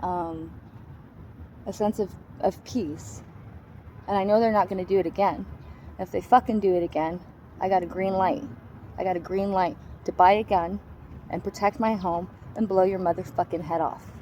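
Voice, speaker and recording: A woman's voice: on the low side, steady tone, moderate pace, mellow, slight background noise, poor audio. A woman giving a raw, personal account of surviving an attack, in a blunt and heavily profane way. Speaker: survivor telling her story.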